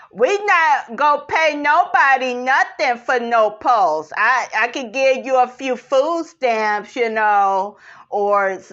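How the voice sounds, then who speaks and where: A woman's voice: on the high side, a bit bright, highs cut off. A woman vlogger putting on a flustered, clueless female event organizer who rambles and stammers.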